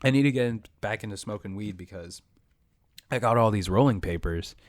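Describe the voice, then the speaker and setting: A man's voice: lowish voice, brisk, no room sound. A young man co-hosting a casual podcast, teasing and pushing his friend with joking banter. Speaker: podcast co-host.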